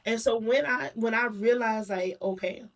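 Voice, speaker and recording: A woman's voice: a little high, normal speed. A young adult woman, a guest, candidly telling a personal story in casual chat, with frequent laughs and restarts.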